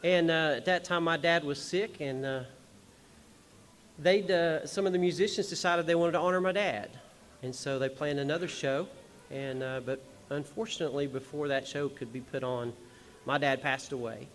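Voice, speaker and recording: A man with a lilt tells a family story from a concert stage through a microphone. His voice sits a little high for a man, and he rambles warmly and chuckles now and then. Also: fairly even intonation, moderate pace, slight background noise. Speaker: son of the honored musician, speaking at a tribute show. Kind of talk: personal stage speech.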